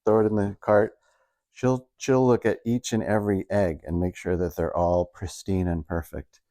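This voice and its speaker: A middle-aged man tells stand-up stories in a casual, rambling way. His voice sits a little low and sounds mellow and relaxed. He pokes fun at himself as he goes. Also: moderate pace. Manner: rambling, self-mocking, animated retelling. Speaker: stand-up comedian.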